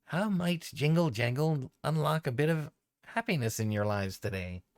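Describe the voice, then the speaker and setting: A man's voice: fairly high pitch, lively intonation, moderate pace, dry recording, voice pushed up. A man voicing a cheerful female goblin who collects keys, in a sweet, sing-song voice that is eager to help.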